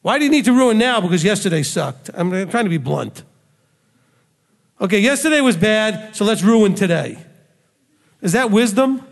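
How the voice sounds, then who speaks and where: A man's voice: high-pitched, expressive, moderate pace, vocal fry, long pauses. A man preaching a sermon, bluntly scolding his listeners with rhetorical questions. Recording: long hall reverb.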